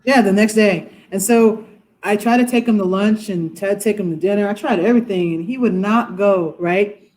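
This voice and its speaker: A woman in her forties, a judge, speaks over a video call from her courtroom. Her voice is warm and mellow. She tells her stories with lively energy. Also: medium pitch, moderate pace, poor audio. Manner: animated, acts out quoted voices. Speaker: judge, interview guest. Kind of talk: casual storytelling in a podcast interview.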